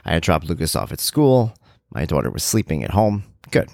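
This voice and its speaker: A middle-aged man hosts a podcast, telling a loose story with self-deprecating jokes. His voice sits low. The sound is dry and close on the mic, with no room around it. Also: sing-song, fairly quick, vocal fry, darkish tone, dry recording. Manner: rambling, self-deprecating humor. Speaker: podcast host. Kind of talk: casual storytelling monologue.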